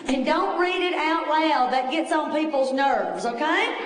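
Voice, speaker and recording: High-voiced woman lecturing a class. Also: slight background noise. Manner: chatty, reassuring, brisk teacher talk. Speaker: test prep instructor. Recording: echoey room, voice far from the mic.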